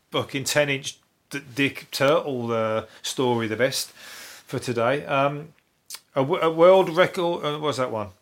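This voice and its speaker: Swearing Brummie man rambling on a podcast. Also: mid-range voice. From Birmingham, England. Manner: swearing, chatty, laughing asides. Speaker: solo podcast host. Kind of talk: crude rambling monologue. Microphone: new podcast microphone.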